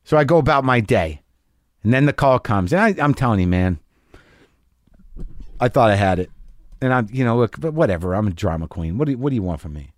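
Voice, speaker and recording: A middle-aged podcast host tells a story in a neurotic, self-deprecating way. His voice is mid-pitched, and the recording is dry and close, with no room sound. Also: lively intonation, a little fast, pauses often, no echo. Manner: anxious, self-mocking storytelling with quoted voices. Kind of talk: monologue.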